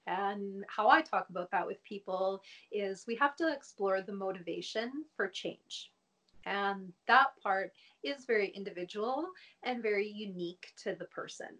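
A woman psychologist speaking as a podcast guest, explaining in a measured way and laughing easily. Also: mid-range voice, a bit bright. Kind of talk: podcast interview.

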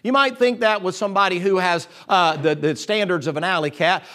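A man preaching a lively sermon in a folksy, joking way, acting out the people in his story. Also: high voice, a little fast, few pauses. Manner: folksy and joking, acts out voices of figures.

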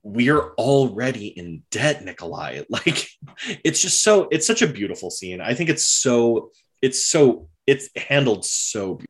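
A man in casual conversation, eagerly retelling a story with lots of fillers and quick bits of acted-out dialogue. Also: medium pitch. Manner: animated storyteller, many fillers, acts out characters' lines. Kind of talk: casual chat recapping a period drama.

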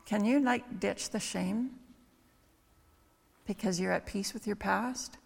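Gravelly woman preaching in a hall. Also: medium pitch, slow. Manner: conversational, asks many rhetorical questions with tag questions. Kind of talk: sermon. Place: church hall. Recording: long reverb in a hall with faint music.

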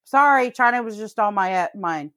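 This woman co-hosts a podcast, chatting casually and telling stories full of curses and laughter. She has an expressive, mid-range voice that's a bit bright, moving at a moderate pace. The sound is studio quality, free of echo.

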